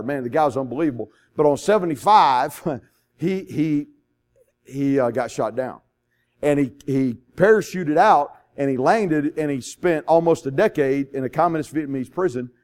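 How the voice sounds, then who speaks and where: Give me a high-pitched man preaching a story-filled sermon. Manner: storytelling with swings from loud to hushed.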